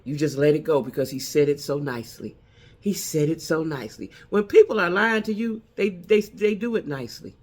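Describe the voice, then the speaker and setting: A woman's voice: deep voice, darkish tone. A middle-aged woman giving casual dating advice to other women, emphatic and repeating her key points for effect.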